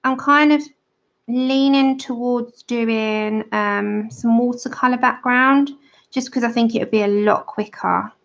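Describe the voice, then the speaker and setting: A woman hosts a livestream, chatting casually as she colors and replies to viewers in the chat. Her voice is slightly high, steady, measured, creaky and a bit bright, and the recording has a somewhat dull lo-fi sound.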